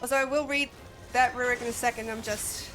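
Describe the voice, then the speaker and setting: Her voice is a little high, steady in tone, brisk and slightly bright: an Australian woman chatting as she streams a game. Sniffly and drowsy, she rambles with frequent laughter, and game music plays faintly behind.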